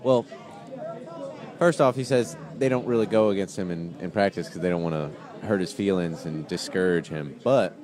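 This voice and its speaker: A man's voice: deep voice, normal speed. Easygoing man at a noisy sports bar. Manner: easygoing, stat-heavy, laughs often. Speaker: fantasy football podcast co-host. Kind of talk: casual live sports chat. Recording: live stream with loud bar crowd. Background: bar crowd chatter.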